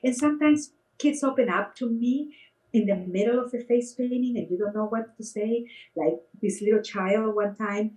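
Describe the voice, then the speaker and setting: A woman's voice: fairly high pitch, normal speed, poor audio. A middle-aged woman, a face painter and clown, telling stories in casual conversation and acting out the quotes in a raised voice. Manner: animated, acts out quotes in a raised voice. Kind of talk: casual storytelling.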